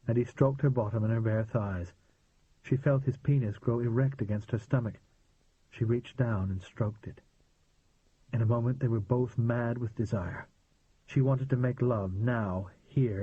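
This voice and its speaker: A man narrating an audiobook in a steady, measured reading voice. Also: medium pitch, husky, dry recording. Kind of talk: scripted narration. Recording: tinny phone-like dry sound.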